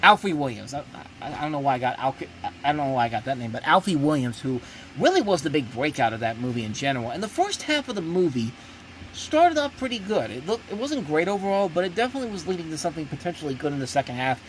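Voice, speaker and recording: A man's voice: big pitch swings, quick pace, slight background noise. Blunt, emphatic man ranting about movies. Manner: blunt and emphatic, with many restarts and swings of pitch. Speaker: host of a movie review show. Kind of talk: casual ranting review.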